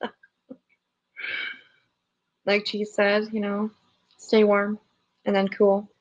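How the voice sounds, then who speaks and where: A woman's voice: medium pitch, monotone, slow, muffled recording. A middle-aged woman hosting a casual livestream, chatting loosely with viewers, rambling with lots of fillers and frequent laughs. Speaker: livestream host.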